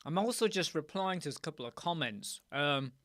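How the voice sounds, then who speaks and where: A man's voice: a little high, animated, normal speed, fairly bright tone, no echo. A man hosting a live Q&A stream from his room, chatting casually and greeting viewers by name. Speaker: host.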